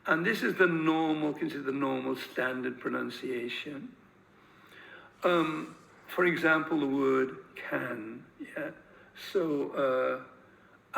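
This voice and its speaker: A man's voice: mid-range voice, slow, creaky, fairly bright tone, poor audio. A man teaching a grammar lesson, hesitant, with many fillers and repeated words. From northern England. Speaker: English teacher. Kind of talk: lecture-style grammar lesson.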